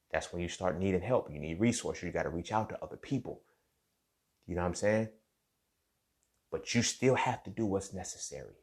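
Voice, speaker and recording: This young man's voice sits low with a darkish tone as he hosts a casual motivational podcast monologue. Full of profanity, he narrates a story and keeps asking listeners "you feel me."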